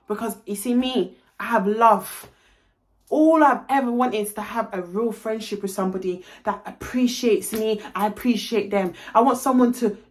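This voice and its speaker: Emphatic young woman, higher voice. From London. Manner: emphatic, swears freely, slips into Caribbean slang. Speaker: vlogger. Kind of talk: storytime vlog.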